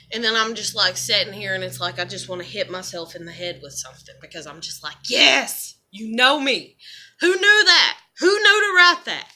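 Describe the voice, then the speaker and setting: Her voice is fairly high, bright and forceful as this woman in her thirties vents in a rambling vlog confession. She's talking through her emotions and cursing a lot.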